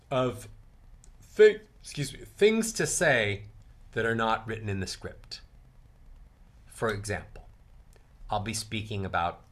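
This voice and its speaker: A male coach teaching speaking technique in a lively, bright voice. His pitch rises and falls a lot as he shows how to stress words. He talks straight to the viewer, sometimes loud and sometimes near a whisper. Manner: expressive, demonstrates emphasis with big swings in pitch and volume. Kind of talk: instructional talk to camera.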